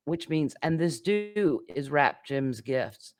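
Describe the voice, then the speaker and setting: A man's voice: fairly high pitch, sing-song, slow pace, dry recording, clean studio sound. A man teaching an English grammar lesson, patiently explaining with many examples and occasional fillers.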